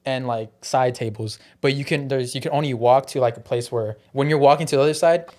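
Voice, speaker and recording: A young man, a podcast host, telling a story in casual chat, animated and swearing with lots of "bro". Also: medium pitch, fairly quick.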